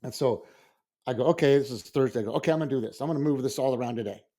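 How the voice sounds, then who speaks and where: Animated man telling a work story. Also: mid-range voice, very fast. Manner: animated storyteller acting out his own reactions. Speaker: school librarian. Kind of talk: casual chat.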